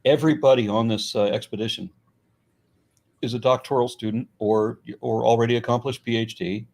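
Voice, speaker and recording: A middle-aged American man talking casually as a guest, blunt and profane, animated, with frequent restarts. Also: medium pitch, brisk, creaky. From United States. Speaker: YouTuber and guest. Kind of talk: casual conversation.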